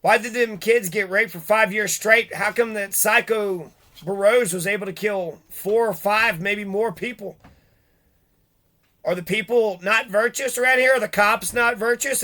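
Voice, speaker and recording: A man's voice: high voice, unhurried, sharp tone. A middle-aged man delivering an angry, profane vlog rant full of rhetorical questions. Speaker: vlogger. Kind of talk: angry ranting monologue.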